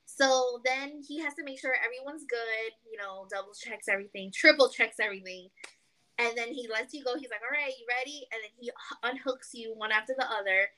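Bright-voiced young woman telling a story. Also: on the high side, brisk, low-quality recording. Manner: animated storytelling, acts out quotes, peppered with "like". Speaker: podcast co-host. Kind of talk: casual chat.

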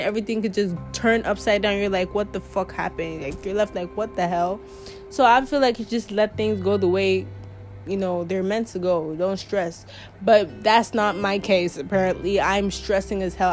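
A young woman talks straight to her podcast listeners in a loose, rambling monologue. Her voice sits at an ordinary middle pitch, and she peppers her talk with swearing and frequent laughter. Soft music plays faintly in the background. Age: young adult. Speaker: podcast host. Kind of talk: casual monologue.

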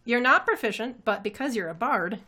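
A woman narrating as game master for a tabletop game, with a bright, forward voice. She talks hesitantly and fills her sentences with "like" and "um". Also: fairly high pitch, animated, a little fast, husky. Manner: hesitant, many fillers.

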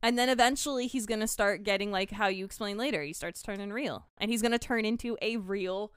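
A woman's voice: medium pitch, brisk, smooth, dry recording. A woman co-hosting a podcast, chatting bluntly about a movie and jumping in with her own take on scenes. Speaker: podcast co-host. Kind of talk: casual movie recap chat.

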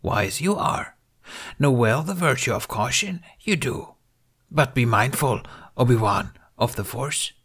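Yoda, a man doing a high wise old creature voice. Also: lively intonation, a little slow, a bit bright, slightly rough, heavily acted. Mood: sage. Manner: inverted word order, sage and wry. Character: ancient small green male Jedi master, wise, teasing. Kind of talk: audiobook reading of fan fiction.

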